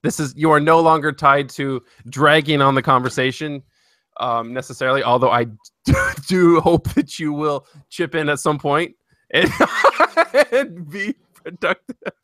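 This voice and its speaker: A man's voice: on the high side, unhurried, bright, forceful tone, dry recording, clean studio sound. A man hosting a casual gaming podcast, laughing often between his words. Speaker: podcast host.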